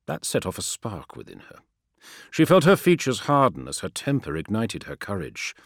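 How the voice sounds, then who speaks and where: A man narrating a dark science-fiction story in an expressive, dramatic reading style. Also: lowish voice, moderate pace, gravelly, dry recording, studio quality. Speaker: audiobook narrator. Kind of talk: scripted narration.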